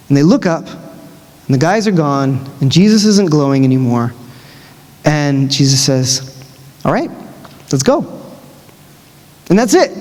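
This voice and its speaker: A man preaching a sermon in a large church, telling the story casually with lively, conversational asides. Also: high-pitched. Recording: long church-hall reverb.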